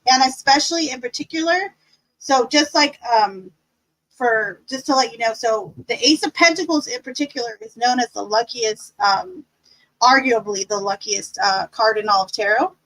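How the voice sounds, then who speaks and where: A woman's voice: on the high side, moderate pace, a bit bright, poor audio. A woman teaching a casual live-stream tarot class, upbeat and encouraging, chatty with fillers.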